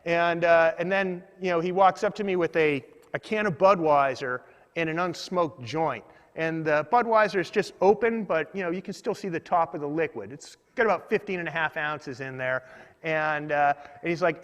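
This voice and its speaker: Man storyteller, higher voice, rambling self-mocking comic monologue, long hall reverb. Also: moderate pace. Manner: meandering, self-deprecating, deadpan asides. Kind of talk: comedic personal storytelling.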